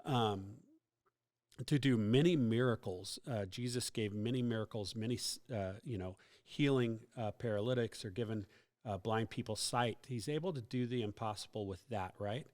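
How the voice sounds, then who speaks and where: A man's voice: fairly low pitch, moderate pace, a little mellow. Teacherly man hosting a casual faith podcast. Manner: explanatory, teacherly, many fillers and asides. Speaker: youth ministry podcast host.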